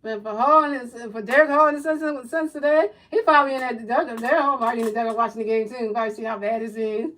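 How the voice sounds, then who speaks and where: Woman with a slightly high voice, livestream commentator, casual play-by-play, repetitive calls, frustrated rants. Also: fairly even intonation, quick pace, few pauses, a bit bright, rough recording.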